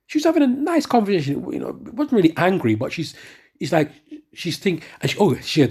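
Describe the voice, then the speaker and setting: A man telling a rambling testimony in a husky, slightly breathy voice that sits a little high for a man. He keeps checking in with his listeners as he goes, asking "yeah?" and "right?". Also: sing-song, moderate pace, a little mellow. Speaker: church member giving testimony.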